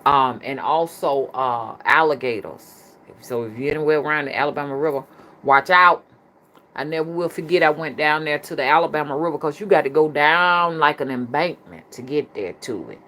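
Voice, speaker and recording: A middle-aged Southern US woman, a spiritual reader and rootworker, tells stories to her viewers in a low, earthy voice, colloquial and chatty, calling them "y'all" again and again. Her delivery is pushed and bright at normal speed, over a faint hum of background noise.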